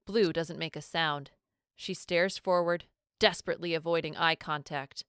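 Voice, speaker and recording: Low, smooth-voiced woman narrator for a dramatic audiobook, close and dry. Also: fairly even intonation, fairly bright tone, no room sound. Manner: measured, dramatic storytelling.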